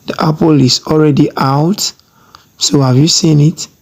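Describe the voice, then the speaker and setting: Slow-paced sewing tutor, repetitive. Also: mid-range voice, fairly even intonation. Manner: slow, repeats "have you seen?" often; instructive, emphatic on technique.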